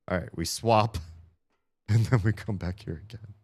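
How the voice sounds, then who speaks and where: A man with a very low voice talks his way through a puzzle game on a live stream. He rambles, pokes fun at himself and curses when stuck. He jumps into high, excited shouts when a puzzle finally works. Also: a little slow, long pauses. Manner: rambling, self-mocking, swears when frustrated; bursts into high excited shouts at small wins. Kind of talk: live gameplay commentary.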